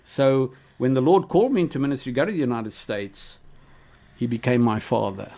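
A man's voice: medium pitch, normal speed, mellow. A man from South Africa, a minister telling his story in a radio interview, repeating himself and checking in with "okay?". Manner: rambling, repeats words, frequent "okay?". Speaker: guest minister.

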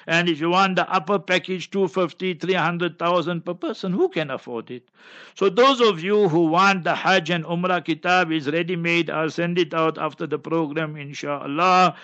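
Guy, mufti doing a q&a show, fiery and preachy, voice on the high side, kinda dull lo-fi sound. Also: sharp tone. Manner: fiery, preachy, jumps into anecdotes. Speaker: mufti answering listener questions. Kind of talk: religious question-and-answer talk.

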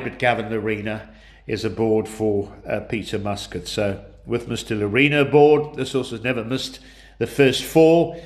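A man, congested from flu, giving horse racing tips in a businesslike way and rattling off numbers and odds. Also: medium pitch.

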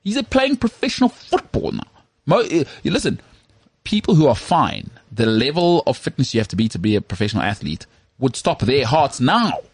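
A man co-hosting a casual sports podcast, animated and jokey, often slipping into mock voices. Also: mid-range voice, a little fast, husky, no echo. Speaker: podcast co-host.

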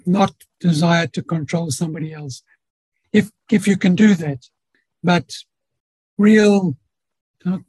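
A man speaking as a guest in an interview, giving earnest, gentle advice about relationships with homely examples. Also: a little high, slightly rough, dry recording, rough recording. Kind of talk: reflective conversational advice.

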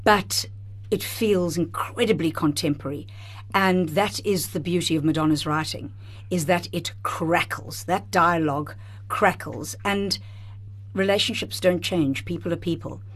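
Female theatre director guest, slightly low voice, warmly enthusiastic and animated delivery, studio microphone. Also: a little slow. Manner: enthusiastic, expressive, laughs often. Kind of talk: radio interview guest. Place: radio studio.

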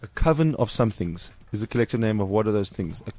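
A man's voice: on the low side, expressive, quick pace, darkish tone. A man with a South African accent hosting a podcast, joking around and quizzing his co-hosts in casual chat. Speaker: podcast host.

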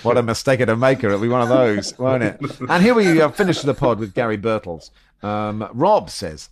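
A man's voice: medium pitch, sing-song, normal speed. A man hosting a podcast, chatting casually and giggling as he reads out listener messages. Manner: chatty, giggly, self-deprecating. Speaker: podcast host.

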